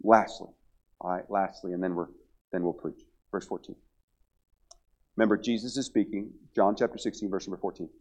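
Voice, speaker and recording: A middle-aged man preaching at a church revival service, animated, acting out little quotes and calling out to the congregation. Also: low voice, a little fast, long pauses. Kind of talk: revival sermon.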